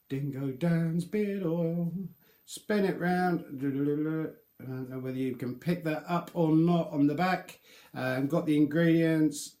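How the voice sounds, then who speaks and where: Rambly bloke doing a beard oil review vlog, kinda high voice, roomy echo. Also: male voice, darkish tone. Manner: chatty, rambling, self-deprecating. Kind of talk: casual product review vlog. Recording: echoey room.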